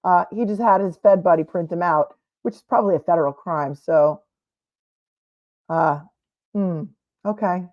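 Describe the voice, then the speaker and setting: A woman's voice: fairly low pitch, moderate pace, pauses often, lo-fi sound. A woman streaming live commentary on a court trial, with sarcastic, skeptical asides.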